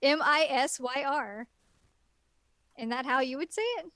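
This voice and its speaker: Woman, high voice, dry close sound, rambling casual recap. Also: a little slow, fairly bright tone, dry recording. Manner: rambling plot retelling with many fillers. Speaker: guest reviewer. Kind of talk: casual podcast chat.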